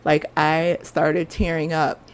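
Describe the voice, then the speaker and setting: A woman's voice: low-pitched, little pitch movement, takes it slowly, clear, resonant tone. A woman, hosting a podcast and telling a personal story in an earnest, confessional, chatty way. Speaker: podcast host.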